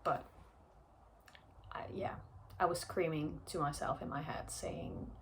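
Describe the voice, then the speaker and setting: A woman's voice: deep voice, fairly even intonation, measured pace, whispered. A young woman telling a personal story in a chatty vlog, with lots of fillers and frequent laughs. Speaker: vlogger.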